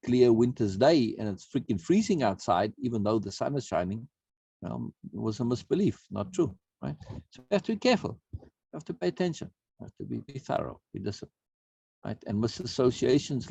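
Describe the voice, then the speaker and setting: A man's voice: mid-range voice, vocal fry, a little mellow, slightly rough, no room sound. A man teaching an online self-help course in a conversational way, often repeating words and checking in with "right?". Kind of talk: recorded online course talk.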